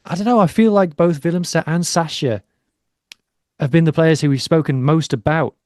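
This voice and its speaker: A man's voice: on the high side, moderate pace, darkish tone, no echo. A man co-hosting a rugby podcast, chatting casually in a chatty, self-deprecating manner. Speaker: podcast co-host. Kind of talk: casual chat.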